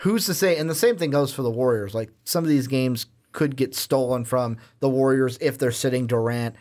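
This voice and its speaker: A young man with a Chicago accent, co-hosting a sports podcast in casual, animated chat. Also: mid-range voice. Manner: animated, quick asides and laughs. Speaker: podcast co-host.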